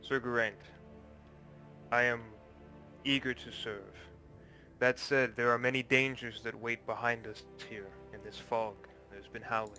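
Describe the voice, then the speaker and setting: A man's voice: medium pitch, fairly even intonation, unhurried, pushed and bright, soft background music. A man playing an earnest paladin who speaks in a formal, old-fashioned way. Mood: pleading. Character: earnest young male paladin, formal and pleading.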